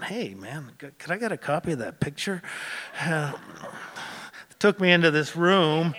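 A man's voice: mid-range voice, a bit bright, big-room sound. A man from Montana telling a personal travel story in a conversational way, with frequent restarts. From Montana, USA.

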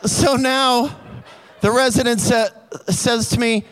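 A man telling a comic personal story in an animated way, building tension. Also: extremely high pitch, slow.

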